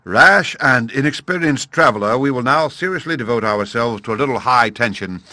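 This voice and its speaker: A man's voice: medium pitch, expressive, normal speed, bright, forceful tone, no echo. A man voicing a pompous, long-winded python rock snake who speaks in grand formal phrases. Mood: pompous, urgent.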